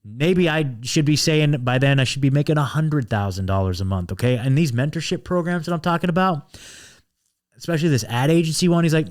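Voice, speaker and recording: A man's voice: fairly high pitch, fairly quick. A man hosting a podcast, delivering a fired-up, profane monologue full of restarts and fillers, like an evening pep talk. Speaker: podcast host.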